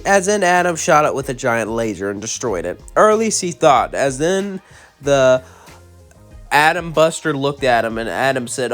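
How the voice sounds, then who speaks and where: A man's voice: medium pitch, moderate pace, faint music behind. Ranting young male storyteller with slight cough. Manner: animated, exasperated ranting. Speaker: channel host, narrator. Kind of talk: casual storytelling and rant.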